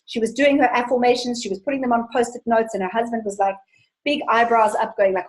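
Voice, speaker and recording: A woman's voice: fairly high pitch, fairly even intonation, fairly quick, low-quality recording. A woman money coach hosting a live webinar, answering viewer questions with enthusiastic, chatty storytelling.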